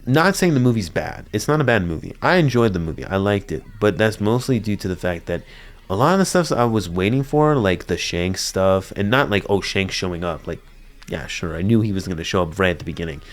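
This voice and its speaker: Young man, casual film review, lowish voice, rambling, stammers and restarts. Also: expressive, fairly quick. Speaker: anime reviewer.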